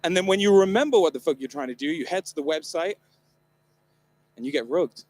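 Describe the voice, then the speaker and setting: A man's voice: fairly high pitch, animated, a little fast, darkish tone. A man from the north of England giving a comedic keynote talk on stage at a live event, irreverent, joking and swearing freely. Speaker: conference presenter.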